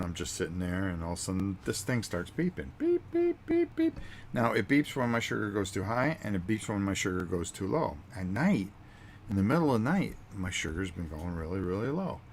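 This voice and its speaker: Man, very low voice, casual vlog chat, rambling storyteller, faint background hiss. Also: expressive, fairly quick. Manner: rambling storytelling with fillers and acted-out quotes. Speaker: vlog host.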